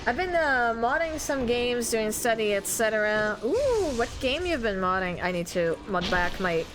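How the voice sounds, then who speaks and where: A woman's voice: on the high side, very animated, normal speed. A woman streamer chatting casually with her viewers while she plays, full of dramatic exclamations. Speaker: game streamer. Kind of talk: casual live gaming commentary.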